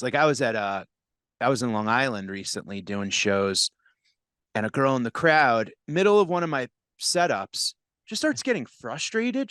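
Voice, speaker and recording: A man's voice: medium pitch, smooth, dry recording, studio quality. A man, a comedian hosting a podcast, telling stage stories in a casual chat and acting out voices. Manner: animated storyteller, acts out voices.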